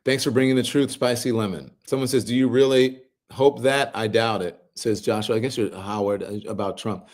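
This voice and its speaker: A middle-aged man hosting a livestream, reading viewers' comments aloud and answering them in a relaxed, conversational way. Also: mid-range voice, normal speed, hardly any pauses. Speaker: host reading live chat comments. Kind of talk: casual livestream chat.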